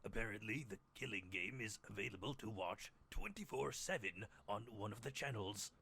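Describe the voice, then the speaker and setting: A man putting on a gravelly, formal agent. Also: lowish voice, expressive, bright, forceful tone, a little hiss or hum, pitched below the performer's own voice. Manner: measured, formal report delivery. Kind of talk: game dialogue read aloud by a player.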